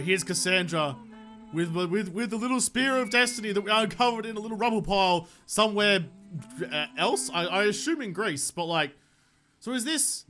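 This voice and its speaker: An Australian man commentating his gameplay, excitable, joking and swearing a lot. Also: high voice. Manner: excitable, profane, jokey. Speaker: gaming YouTuber. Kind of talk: let's play commentary.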